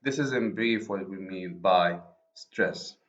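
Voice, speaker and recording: Echoey lo-fi male lecturer, low voice. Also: fairly bright tone. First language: Arabic. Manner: explains slowly, repeats and rephrases himself. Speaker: university lecturer. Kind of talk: recorded poetry lecture. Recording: echoey room, dull lo-fi sound.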